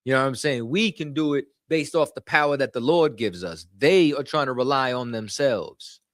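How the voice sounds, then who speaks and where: A man's voice: medium pitch, normal speed, dry recording, clean studio sound. A man leading a scripture study, speaking in casual street slang and often asking "you know what I'm saying". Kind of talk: casual teaching.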